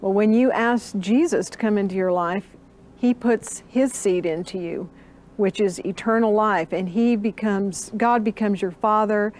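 An older woman tells her story earnestly in an interview. She speaks at an even middle pitch and acts out the remembered dialogue as she goes. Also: measured pace. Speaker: interview guest. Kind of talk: recounting a personal story.

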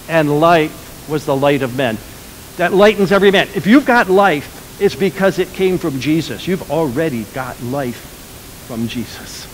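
A man pastor preaching a sermon, swinging between loud, emphatic lines and quiet, lowered ones. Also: unhurried, a little hiss or hum, low-quality recording.

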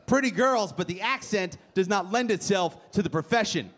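A man's voice: high voice, expressive, normal speed, fairly bright tone. A young man doing a brash stand-up set in a comedy club, teasing the crowd with punchy timing. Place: comedy club stage before a live crowd. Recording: live club recording with audience noise.

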